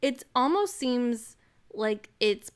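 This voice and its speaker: A woman's voice: fairly high pitch, animated, takes it slowly. An American woman co-hosting a podcast, chatting bluntly and casually about a film she watched, swearing freely. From United States. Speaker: podcast co-host reviewing films. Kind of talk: casual chat.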